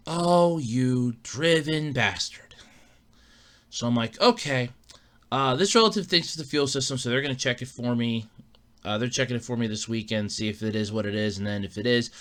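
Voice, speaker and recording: A man's voice: medium pitch, pushed and bright. Exasperated, swearing podcast host man. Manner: rambling, exasperated, swears freely. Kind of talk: casual solo monologue.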